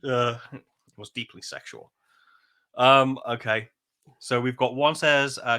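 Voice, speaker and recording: A man's voice: medium pitch, measured pace, pushed and bright, clean tone. A man co-hosting a podcast, chatting casually and rambling through retellings with frequent laughs. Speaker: podcast co-host. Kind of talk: casual chat.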